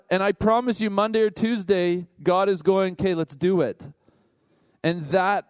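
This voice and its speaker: A man who is a worship leader, preaching in a conversational, animated way with asides to the congregation. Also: high voice, dry recording. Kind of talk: sermon.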